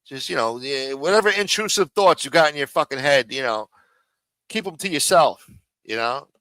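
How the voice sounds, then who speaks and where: A man's voice: on the high side, lively intonation, normal speed, sharp tone, dry recording. A man hosting a live stream in a casual, profane rant, with many fillers, repeated phrases and muttered asides.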